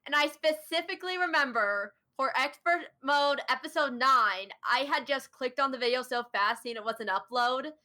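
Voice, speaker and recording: A woman's voice: sits high, sharp tone. A woman hosting a casual chat, talking about a creator she admires with eager, giggly enthusiasm. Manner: enthusiastic, giggly fan talk. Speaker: host.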